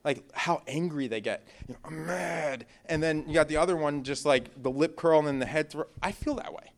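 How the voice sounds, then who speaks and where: A young male pastor preaching with an easy, conversational warmth in his storytelling. His voice sits a little higher than most men's. He swings between loud, energetic passages and near-whispered asides. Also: fairly quick. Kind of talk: sermon with personal stories.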